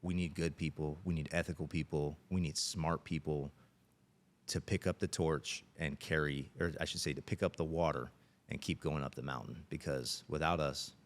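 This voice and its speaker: Bass-voiced and steady, a middle-aged police officer talks at a normal pace. He's an earnest, straightforward storyteller sharing tales as a podcast guest.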